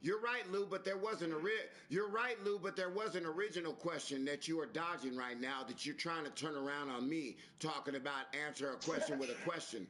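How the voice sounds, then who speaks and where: A man hosting a live stream, talking in a preachy, repetitive, animated way with some swearing. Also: on the high side, fairly quick, few pauses. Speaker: stream host. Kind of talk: casual live-stream chat.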